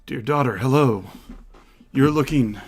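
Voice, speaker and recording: A man voicing a confused, rambling old male blacksmith god, loud and high. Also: measured pace, breathy edge, faint music behind. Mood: befuddled. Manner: befuddled, rambling, louder and higher.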